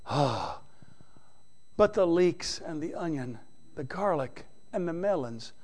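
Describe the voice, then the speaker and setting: A preacher voicing ancient Israelites whining wistfully about the food they left behind, trailing into a hush. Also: male voice, on the high side, lively intonation, slow pace, a crowd in the background, pitched below the performer's own voice. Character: grumbling ancient Israelites longing for old food.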